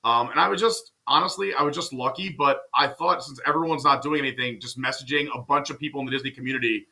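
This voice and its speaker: Man, podcast guest, casual chat, quick talker, bright tense voice. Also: medium pitch. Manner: fast, animated storyteller.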